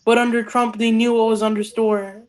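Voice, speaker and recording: A man's voice: high-pitched, little pitch movement, normal speed, smooth. A man in casual political chat, making short interjections and blunt remarks.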